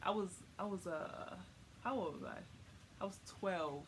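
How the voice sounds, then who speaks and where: A young woman vlogger casually telling a personal story, candid and giggly, pausing often to find her words. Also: fairly low pitch, slight background noise.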